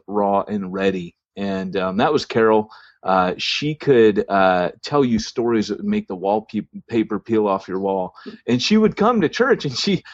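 This podcast host speaks on the low side as he tells a lengthy church story, meandering casually with frequent ums and restarts. There's no echo, and the audio has a dry, muffled lo-fi feel.

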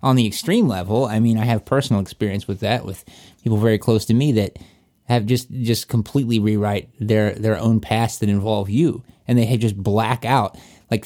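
A podcast co-host from Virginia with a low-ish, mellow male voice talks casually and frankly, rambling with lots of restarts and tossing in blunt, profane asides.

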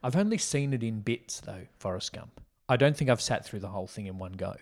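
A man's voice: on the low side, expressive, a little fast. Guy on a movie podcast, chatty and rambly, lots of ums. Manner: rambling, thinks aloud with many fillers. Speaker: podcast co-host. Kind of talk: casual film-review chat.

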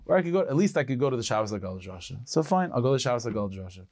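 A man's voice: medium pitch, very animated, very fast, a little mellow, dry recording. A nervous, downtrodden villager frets aloud and then talks himself into going, as a man puts him on. The voice stays close to plain speech, recorded dry and close. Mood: anxious. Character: worried poor Jewish man, middle-aged.

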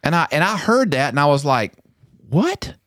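A man hosting a podcast, chatting casually and acting out quoted lines with lively jumps in his voice. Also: quick pace, dry recording, studio quality. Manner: animated storyteller, acts out quotes with pitch jumps. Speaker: podcast host.

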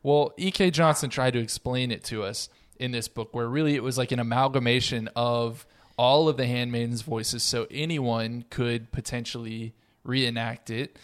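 A young man hosting a podcast, steering the discussion in a relaxed, casual way. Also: mid-range voice, moderate pace, smooth. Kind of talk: casual chat.

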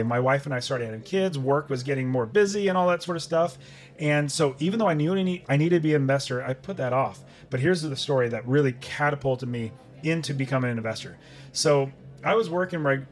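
A man's voice: mid-range voice, a little fast, soft background music. A middle-aged man, a podcast guest, telling a personal story in conversation and acting out his own past thoughts.

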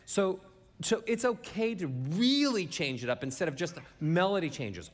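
A man's voice: a little high, sing-song, quick pace, fairly bright tone. Demonstrative male voice coach in a reverberant room. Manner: demonstrative, acts out voices to illustrate points. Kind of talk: live feedback on vocal delivery.

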